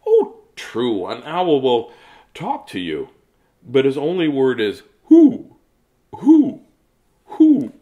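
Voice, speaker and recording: Animated jokey man reading picture books. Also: medium pitch, slow, lo-fi sound. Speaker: children's book reader.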